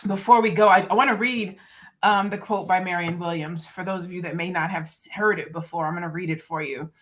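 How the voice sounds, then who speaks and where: A woman's voice: lowish voice, steady tone, fairly bright tone. A woman hosting a casual chat with co-hosts over a video call, speaking in a prayerful, encouraging way. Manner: prayerful, encouraging, reads a quote slowly. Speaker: podcast host.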